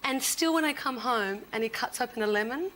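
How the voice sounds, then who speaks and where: A woman from Perth with an Australian accent, chatting as a guest on a talk show and telling stories in a lively way, laughing as she goes. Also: on the high side, brisk, rough recording. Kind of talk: casual chat on a talk show.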